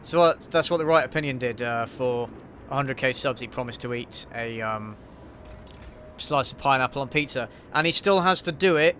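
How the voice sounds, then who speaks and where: A man's voice: mid-range voice, normal speed, sharp tone, a little hiss or hum. A man hosting a casual livestream Q&A while he plays a game, answering chat in an offhand, sweary way and muttering to himself mid-game. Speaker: YouTube host.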